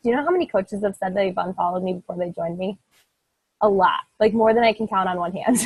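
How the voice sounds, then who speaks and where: A woman's voice: medium pitch, brisk, slightly rough, no echo, low-quality recording. A young woman coaching her fitness team, giving an earnest, emphatic motivational talk full of "like"s. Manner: earnest, emphatic, rambling with many "like"s.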